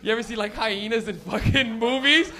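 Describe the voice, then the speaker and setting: A man's voice: very high voice, pushed and bright. A young man doing stand-up, loose and profane, working and teasing the crowd. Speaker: stand-up comedian.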